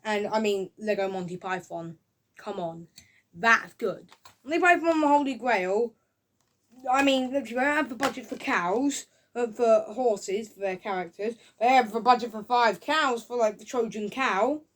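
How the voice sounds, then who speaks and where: A woman with a fairly high voice runs through a casual video review, talking in an excited, rambling way. She keeps restarting her sentences and tumbling from one scene to the next. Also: moderate pace. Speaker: film reviewer.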